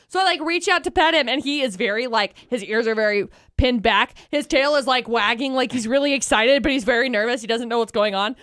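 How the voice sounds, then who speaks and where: A woman's voice: high-pitched, fast talker, no echo, clean studio sound. A young woman co-hosting a chat show, telling stories with energy and acting out the voices of people and pets. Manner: lively storyteller who acts out voices. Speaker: radio show co-host. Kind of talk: casual chat, animated storytelling.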